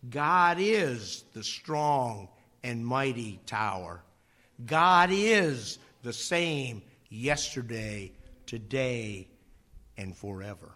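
Slow, bright-voiced male preacher. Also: medium pitch, lively intonation. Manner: slow, dramatic delivery, drops to near whisper on key phrases; acts out voices in stories. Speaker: pastor. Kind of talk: sermon.

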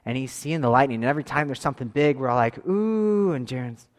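A man's voice: mid-range voice, big-room sound. A man in his thirties casually telling a long family camping story, rambling with restarts and acting out quotes. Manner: rambling, animated, with quick restarts and voiced quotes. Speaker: father telling a church camp story.

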